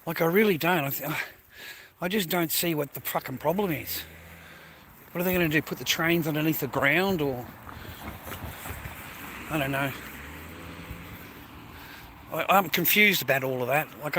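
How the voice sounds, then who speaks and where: A man's voice: on the high side, moderate pace, pauses often, pushed and bright, slight background noise. A man with an Australian accent, vlogging outdoors while walking through a neighbourhood, rambling crudely and filling his talk with "mate" and "you know.". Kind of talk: rambling casual vlog.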